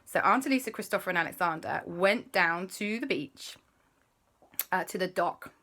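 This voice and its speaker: A woman telling a made-up story to children, expressive and playful, with chatty asides. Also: lowish voice, normal speed.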